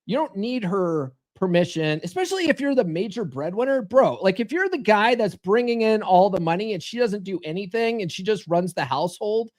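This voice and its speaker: Man, high voice, blunt coaching tone, live-stream advice host. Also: expressive, fairly quick, hardly any pauses. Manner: blunt, coaching, acts out quoted lines. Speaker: podcast host.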